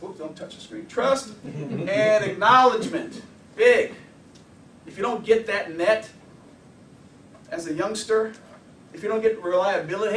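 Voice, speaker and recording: High-voiced man lecturing in an echoey room. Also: unhurried, long pauses, recorded from a distance, a little hiss or hum. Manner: lively, asks rhetorical questions. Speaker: anger management counselor. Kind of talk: workshop lecture.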